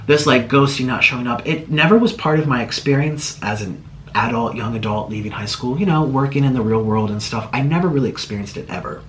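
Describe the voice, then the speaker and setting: A man's voice: medium pitch, a bit bright, a little hiss or hum. A man talking through a casual, emotional, rambling apology as an online video creator.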